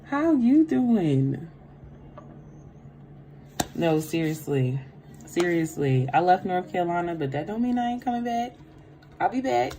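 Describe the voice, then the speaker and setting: A woman hosting a tarot livestream, animated and laughing with viewers, dropping to a soft voice to pray. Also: lowish voice, a little slow, long pauses, slight background noise. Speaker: tarot reader and livestream host. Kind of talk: livestream chat with prayer.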